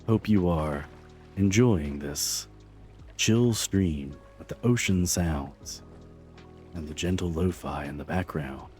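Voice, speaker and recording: A smooth late-night radio DJ, put on by a man. He speaks low and deep, in a slow, laid-back drawl. Gentle music plays faintly behind him. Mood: mellow. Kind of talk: soft radio host voice.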